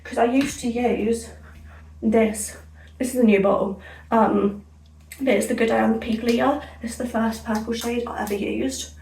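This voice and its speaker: A woman's voice: fairly high pitch, fairly even intonation, moderate pace, vocal fry, darkish tone, recorded from a distance, slight background noise. A young woman from England, chatting in a rambling, self-correcting way while she dyes her hair for a vlog. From Somerset, England. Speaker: vlogger. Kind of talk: casual hair-dye vlog chat. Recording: echoey room, off-mic.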